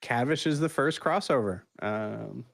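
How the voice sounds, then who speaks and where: A man running a tabletop role-playing game as game master, narrating with many pauses and restarts. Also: mid-range voice, vocal fry, noisy background. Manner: halting, many ums and restarts.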